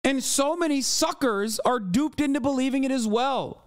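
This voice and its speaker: A man's voice: extremely high pitch, normal speed, clear, resonant tone, dry recording, studio quality. A man streaming a reaction to a debate clip, ranting in a heated, profane and sarcastic way at the clip and at his chat. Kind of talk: heated livestream reaction commentary.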